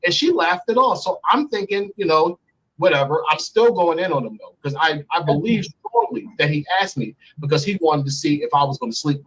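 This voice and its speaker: A man's voice: fairly high pitch, expressive, fairly quick, fairly bright tone, breathy edge, poor audio. A man as an interview guest, bluntly and profanely telling a personal story. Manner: blunt and profane, speaks freely.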